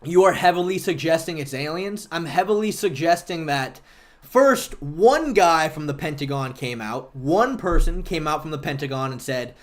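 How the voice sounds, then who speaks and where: A man's voice: fairly high pitch, animated, moderate pace. A man hosting a livestream, chatting casually and argumentatively with viewers and swearing freely. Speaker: livestream host.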